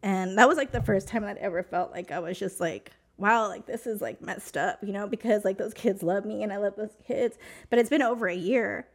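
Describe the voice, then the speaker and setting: A woman's voice: mid-range voice, a little fast. A woman from New Mexico, a podcast guest, telling a personal story in casual, emotional, rambling talk full of fillers.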